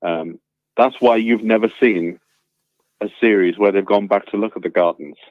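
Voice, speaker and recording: Man, caller, low voice, phone-line sound, relaxed, fillers. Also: moderate pace, no room sound. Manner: relaxed storytelling, many fillers. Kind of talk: casual phone chat.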